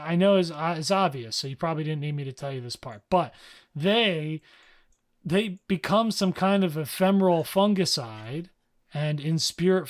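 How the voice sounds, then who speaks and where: Young guy podcast host, kinda high voice, slangy and animated, tosses in little character voices. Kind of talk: casual story recap.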